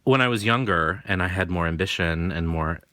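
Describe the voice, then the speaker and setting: A man with a low, bright and forceful voice hosts an unboxing at a normal speed, rambling and chatting with self-deprecating humor. He's a tarot reader with a faint New England accent, and a little hiss or hum sits under the audio.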